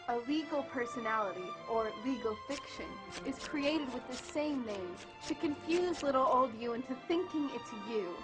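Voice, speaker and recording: A woman with a high voice narrates a script in a teasing, sing-song way. Clear music runs under her voice throughout. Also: rough recording. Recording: music bed behind voice.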